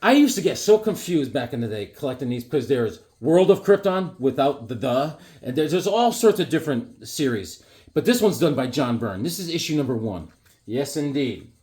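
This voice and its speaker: A man's voice: medium pitch, sing-song, moderate pace, darkish tone. A man, chatting casually about comics and rambling through stories while acting out the people he quotes. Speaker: comic collector vlogger. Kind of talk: casual chat showing comics.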